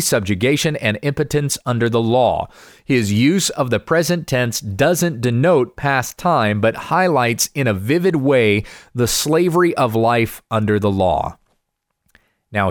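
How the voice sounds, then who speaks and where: Pastor teaching in a dry studio. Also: male voice, medium pitch, no echo. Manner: measured, methodical explaining. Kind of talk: Bible study teaching.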